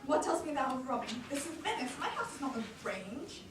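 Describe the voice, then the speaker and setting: A woman's voice: high voice, animated, brisk, background noise. A woman acting an older male senator, an alarmed and angry father, in an amateur stage performance, exclaiming indignantly. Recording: roomy sound from far off with audience.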